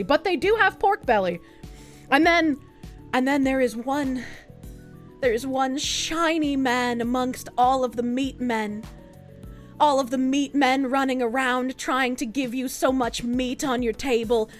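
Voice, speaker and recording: High-voiced excitable young woman streamer. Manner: rambling, excitable, swears a lot. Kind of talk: casual chat.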